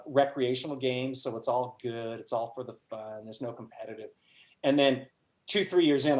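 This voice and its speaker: A middle-aged man presenting a workshop, telling a personal anecdote to a group with animated delivery and frequent laughs. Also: mid-range voice. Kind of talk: storytelling talk to a group. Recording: roomy echo.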